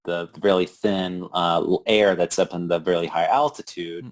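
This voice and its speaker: A man co-hosting a film podcast in casual chat, explaining things in a relaxed way with dry humor. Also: sits low, moderate pace. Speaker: podcast co-host.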